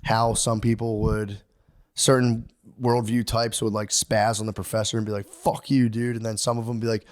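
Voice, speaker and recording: A man's voice: lowish voice, flat delivery, moderate pace. A man co-hosting a podcast in casual chat, rambling and profane, laughing often and slipping into mocking voices for quotes. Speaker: podcast co-host.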